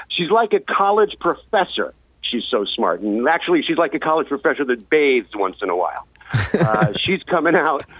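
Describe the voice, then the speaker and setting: A man calling in to a radio show, joking and pitching a comedy lineup in an upbeat, chatty way with fillers. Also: dry recording. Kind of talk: casual radio chat. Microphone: phone line. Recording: tinny phone line, dry.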